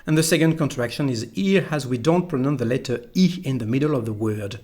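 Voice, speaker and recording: A man's voice: medium pitch, expressive, darkish tone. French-accented man teaching pronunciation. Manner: slow, careful, repeats each phrase for the learner. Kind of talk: pronunciation lesson.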